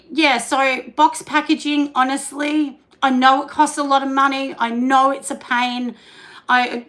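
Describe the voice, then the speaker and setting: A middle-aged Australian woman on a casual livestream, her fairly high voice carrying a gravelly, fry-tinged edge. She chats freely and greets viewers by name, with many fillers along the way. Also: sharp tone, poor audio. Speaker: soap maker hosting a livestream. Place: home studio.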